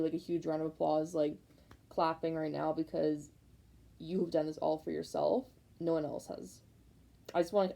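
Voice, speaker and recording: A young woman gives a casual tarot reading in a low voice with vocal fry, rambling, repeating herself, and saying "like" a lot as she offers excited, fired-up encouragement. The audio quality is poor.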